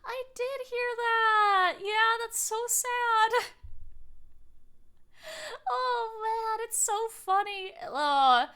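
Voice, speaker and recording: Bubbly giggly girl streamer, high voice, baby talk to her cats. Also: drawn-out words, long pauses, sharp tone. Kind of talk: casual live-stream chat.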